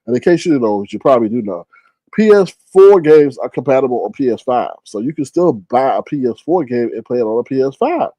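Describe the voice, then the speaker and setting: A man hosts a casual livestream, chatting and storytelling in a gossipy, profane manner. His pitch leaps all over the place and his voice is warm and mellow. The sound is dry and close. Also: fairly quick, no room sound. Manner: animated, profane, gossipy, with big pitch jumps when quoting. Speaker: livestream host.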